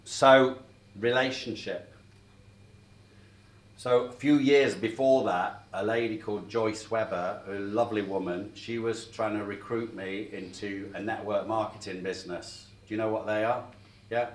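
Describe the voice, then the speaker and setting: A man's voice: fairly low pitch, fairly even intonation, measured pace. A middle-aged man giving a sales training talk, telling stories and checking in with the room as he goes. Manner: chatty, checks in with the room often. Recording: echoey room, mic at a distance.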